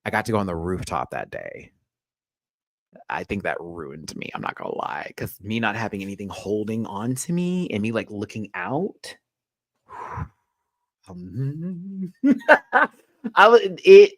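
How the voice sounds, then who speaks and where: A man's voice: fairly low pitch, very animated, slow, pauses often, dry recording. A man hosting a casual pop culture rant show, chatty, sassy and profane, full of asides.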